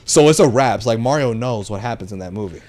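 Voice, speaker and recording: A young man talking casually on a podcast, slangy and animated, throwing out quick opinions. His voice sits at an everyday middle pitch for a man. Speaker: podcast co-host. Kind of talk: casual chat.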